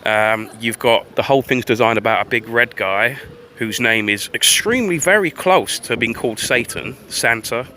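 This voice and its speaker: A man's voice: medium pitch, lively intonation, moderate pace, sharp tone. A man livestreaming a rambling, profane commentary while walking outdoors on a town street. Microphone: phone livestream.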